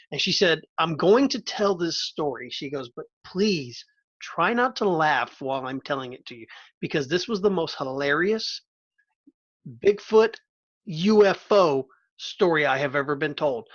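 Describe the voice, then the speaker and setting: High-voiced man telling stories. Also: a bit bright, lo-fi sound. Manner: storytelling, playful, loose. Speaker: podcast host. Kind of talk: casual chat.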